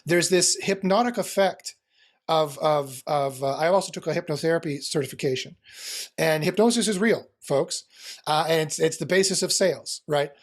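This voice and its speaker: A man's voice: a little high, moderate pace. A middle-aged man, a philosopher and teacher, answering as an interview guest in an explanatory, lecturing way.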